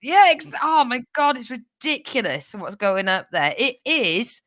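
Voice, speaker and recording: A woman's voice: a little high, big pitch swings, a little slow, fairly bright tone, no room sound, clean studio sound. A young woman co-hosting a comedy podcast, chatty and joking, swearing and laughing a lot. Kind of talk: casual comedic banter.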